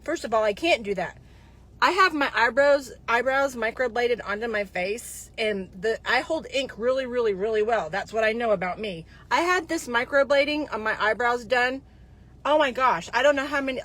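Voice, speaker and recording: A woman's voice: fairly high pitch, expressive, moderate pace, a bit bright. Chatty, rambling woman in her fifties. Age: 50s. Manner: rambling and chatty, with digressions and restarts. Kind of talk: casual monologue to viewers.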